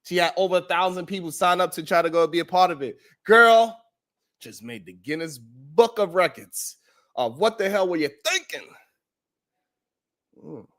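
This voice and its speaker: Animated laughing male talk-show host. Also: sits high, normal speed. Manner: animated, laughs often, drops into mocking quoted voices. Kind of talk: comedic recap of the week's shows.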